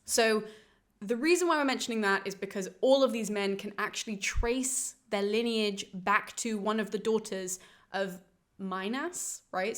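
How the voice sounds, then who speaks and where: A woman's voice: mid-range voice, normal speed. Chatty woman recapping an epic. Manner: chatty, animated, swears casually, mocks characters with voiced asides. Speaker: podcast host summarising a classical epic. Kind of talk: casual educational summary.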